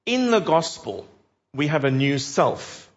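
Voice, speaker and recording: A man preaching with earnest emphasis and a fairly high voice, pressing his listeners with direct questions. The recording is dull and lo-fi. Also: big pitch swings, slow pace. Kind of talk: sermon.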